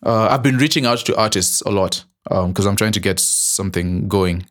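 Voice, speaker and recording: Man, lowish voice, podcast co-host, casual chat, playful teasing, relaxed banter. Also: normal speed. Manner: playful teasing, joking mock offense.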